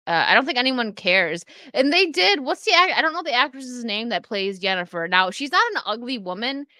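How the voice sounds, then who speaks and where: Bright-voiced woman chatting on stream. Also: medium pitch, no echo. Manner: chatty, reacts to viewer comments, frequent laughs and fillers. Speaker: streamer reading chat. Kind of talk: casual live-stream chat.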